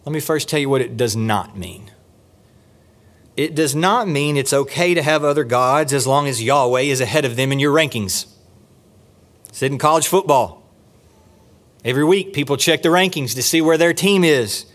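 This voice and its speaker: A man preaches a sermon from a church pulpit. His delivery is emphatic, climbing high on key points and slowing to a low, deliberate tone when he stresses a phrase. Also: fairly bright tone. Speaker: pastor. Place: church sanctuary.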